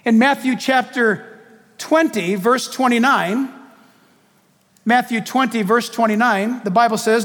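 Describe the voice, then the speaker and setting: A man preaching a sermon in an animated, joking way, putting questions to his audience. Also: very high-pitched, a little slow, long reverb tail.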